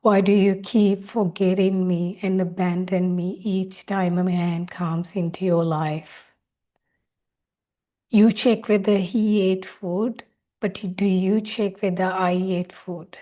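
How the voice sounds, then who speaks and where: A woman's voice: mid-range voice, fairly even intonation, slow pace, warm tone, lightly acted. A woman speaking as her listener's hurt, neglected inner child, asking one reproachful question after another. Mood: pleading.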